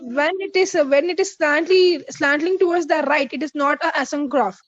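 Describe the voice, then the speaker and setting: High-voiced woman student, hesitant. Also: normal speed, no room sound. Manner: hesitant, restarts explanations. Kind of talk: reading and explaining in class. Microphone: video call. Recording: dry, muffled video-call audio.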